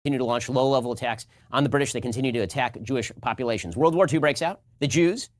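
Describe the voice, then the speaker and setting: Male pundit, clipped commentary, fast and assertive, mid-pitched voice. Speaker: political commentator. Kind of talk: lecture-style political commentary.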